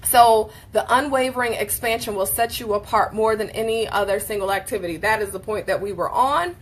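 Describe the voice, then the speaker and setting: A woman hosting a casual motivational book discussion, speaking in an emphatic, animated, preacherly way. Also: mid-range voice, fairly quick, slight background noise. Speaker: host leading a book discussion.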